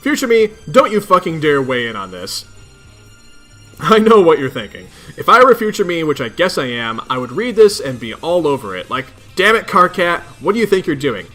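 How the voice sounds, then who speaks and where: Bright, animated, cursing young troll leader, voiced by a man, gruff, faint music under him. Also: a little high, moderate pace. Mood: ranting. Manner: gruff, exasperated ranting with heavy swearing. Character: cranky teenage male troll leader, foul-mouthed.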